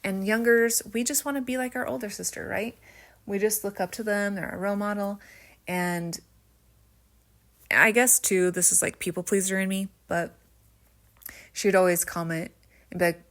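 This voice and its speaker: A woman's voice: mid-range voice, fairly even intonation, normal speed, long pauses, a bit bright. A woman chatting casually as she tells stories on her craft stream, rambling with many fillers and a slight stutter, a faint rural American twang surfacing now and then. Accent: slight rural American twang at times. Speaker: vlogger. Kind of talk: casual storytelling while crafting.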